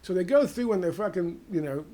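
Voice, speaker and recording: A man with an American accent giving a heated, profane political monologue, firing off rhetorical questions and dropping to hushed tones. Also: high voice, animated, brisk. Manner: ranting, drops to hushed tones. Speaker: political commentator.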